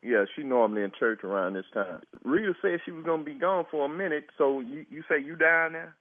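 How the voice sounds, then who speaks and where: A man's voice: fairly high pitch, a little fast, no echo. A man on a phone call who refuses a stranger's request, exasperated and breaking into disbelieving laughter. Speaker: prank call target. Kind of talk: phone conversation. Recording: tinny phone line.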